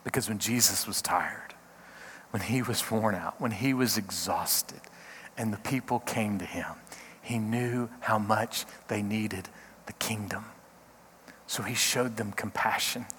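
A middle-aged man, a pastor, giving a short devotional talk in an earnest, halting way, often repeating words. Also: fairly low pitch, a bit bright, long reverb tail, slight background noise.

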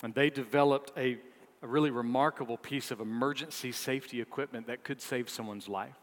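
A man preaching a sermon, rising to emphatic peaks, then dropping low, with playful asides to the congregation. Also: fairly even intonation, fairly quick. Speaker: pastor. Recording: long hall reverb.

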